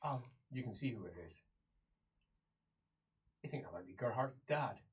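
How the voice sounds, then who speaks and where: Man, game master, animated delivery, quick laughs. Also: mid-range voice, breathy edge. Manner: lively, laughing, drops to a hushed mumble for side characters. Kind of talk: narrating a tabletop game.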